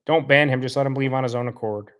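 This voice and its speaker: A man with a medium-pitched, slightly bright voice talks quickly with fairly even intonation. Hosting a live stream and reading the chat, he greets viewers, then angrily calls out a commenter, rambling and repeating insults in a heated way.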